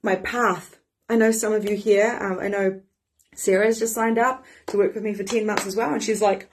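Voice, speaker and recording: A woman, a life coach giving a lively live-streamed motivational talk. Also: mid-range voice, moderate pace, slight background noise. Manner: animated and excitable, swears casually.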